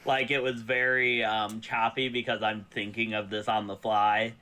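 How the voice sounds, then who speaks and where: A man's voice: fairly low pitch, level tone, normal speed, sharp tone. A man from the US South chatting casually as a guest, rambling loosely with many fillers. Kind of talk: casual chat.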